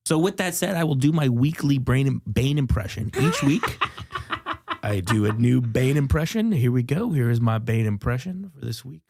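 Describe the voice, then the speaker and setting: Man, podcast host, casual comedy chat, goofy, expressive pitch, laughs easily. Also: gravelly, background noise. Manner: goofy, chatty, quick to laugh.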